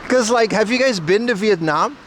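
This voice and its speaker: A man's voice: sits high, expressive, normal speed, noisy background. A young man chatting casually and joking with his viewers on a livestream, recorded outdoors in a city. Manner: joking, banter with chat. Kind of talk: casual IRL stream chat.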